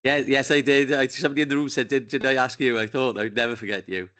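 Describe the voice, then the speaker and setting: A man runs a council committee meeting in a relaxed, easygoing way and jokes with the members. His voice sits at an ordinary middle pitch, with nothing unusual about it. It is picked up by a desk microphone in a meeting room. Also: fast talker. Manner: informal, genial and joking. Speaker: committee chair.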